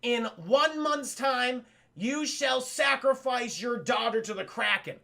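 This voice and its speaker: A man's voice: very high voice, vocal fry, pushed and bright, pitched above the performer's own voice, full character voice. A man intoning as a vengeful goddess. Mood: imperious. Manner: slow, solemn, proclamatory. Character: vengeful imperious sea goddess.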